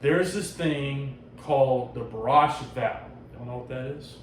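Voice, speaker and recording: A man's voice: mid-range voice, unhurried. A man hosting a casual podcast, animatedly retelling a comic book story with lots of swearing and acted-out quotes. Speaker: podcast host. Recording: roomy sound from a distant mic with faint noise.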